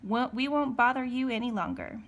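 A woman's voice: a little high, moderate pace, voice pushed up, close to an everyday voice. A woman reading aloud, voicing a brutish, bullying grown man who growls and bellows. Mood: menacing.

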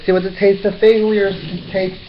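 A man's voice: high voice, little pitch movement, moderate pace, a little hiss or hum. Chatty self-mocking young man cooking. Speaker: cooking vlogger. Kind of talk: casual cooking vlog chat. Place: apartment kitchen. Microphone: built-in camera mic. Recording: roomy, dull lo-fi camera sound.

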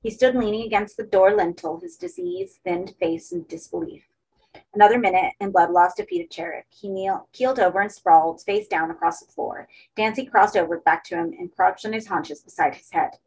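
Female audiobook reader, husky, mid pitch, steady horror narration. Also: brisk, rough recording.

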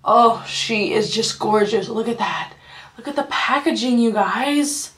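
Gushing over her products, a woman beauty vlogger chats at home in her apartment for a laid-back haul video, filling her speech with "like" and "you guys." Her fairly high, fairly bright voice stays unhurried.

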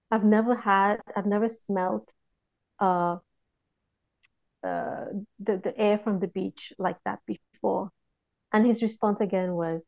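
A woman recounting a personal experience in a reflective, hushed way, often pausing and restarting her sentences. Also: mid-range voice, steady tone, no echo, lo-fi sound. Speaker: guest recounting a near-death experience. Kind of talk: personal testimony, casual storytelling.

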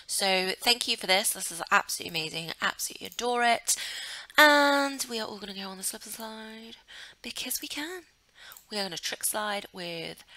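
A woman's voice: mid-range voice, bright, forceful tone, dry recording. A young woman casually commenting while playing a life-sim game, chatty and giggly and gushing over what she sees. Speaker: gaming channel host. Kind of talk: casual let's play commentary.

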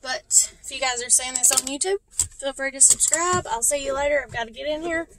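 A woman's voice: high voice, fairly quick. A woman giving an earnest, fervent spoken testimony about faith, with lots of fillers. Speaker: vlogger sharing faith. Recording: clear traffic and vehicle noise outside.

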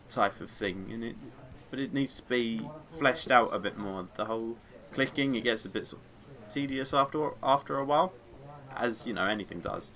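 A man's voice: medium pitch, bright, forceful tone. A man doing casual let's play commentary, chatty and rambling, drifting off into tangents and singing along to music. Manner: rambling, chatty, easily sidetracked. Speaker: gaming video creator.

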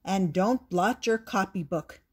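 A woman's voice: mid-range voice, measured pace, husky. An older woman voicing a stern, bossy older half-brother who tutors the boy, in a storybook reading. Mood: scolding. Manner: scolding.

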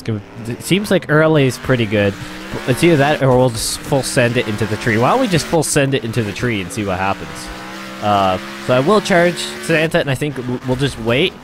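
A man hosting a gaming channel, giving rambling let's-play commentary with lots of laughter and exclamations. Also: medium pitch. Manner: excitable, laughs and exclaims often; rambling, repeats himself.

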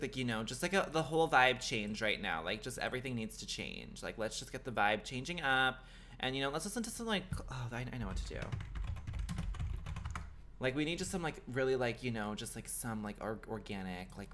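A man chatting on a gaming livestream, his voice bright and swinging widely up and down. He rambles through filler words and curses freely. Faint music plays behind him. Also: medium pitch. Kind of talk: casual gaming livestream chat.

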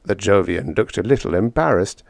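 A man narrating a vintage short story audiobook in an expressive reading. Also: on the low side, moderate pace, creaky, no echo. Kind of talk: scripted narration.

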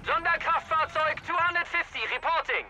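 An army officer calls out formal status reports in a crisp, high voice. The game audio around him is thick with loud noise. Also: male voice, moderate pace.

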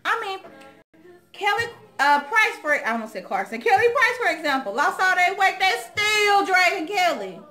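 A woman's voice: extremely high pitch, sing-song, normal speed, pushed and bright, faint music behind. A young woman hosting her own channel, talking straight to the viewers in a casual, outspoken chat and telling stories with a lot of animation. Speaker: vlog host.

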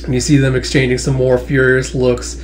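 A man's voice: mid-range voice, monotone, fairly quick, a little hiss or hum. A man casually narrating a comic aloud with many fillers. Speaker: comic reader, channel host.

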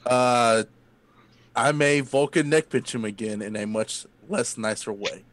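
A man playing a character in a tabletop role-playing game, blunt and quick to swear. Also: medium pitch, fairly even intonation, fairly bright tone. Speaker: player.

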